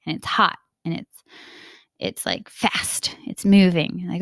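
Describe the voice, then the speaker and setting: A young adult woman, a Catholic mindset coach and podcast host, talking casually and reflectively, animated and laughing often as she acts out bits of dialogue. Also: lowish voice, measured pace, vocal fry, dry recording, clean studio sound.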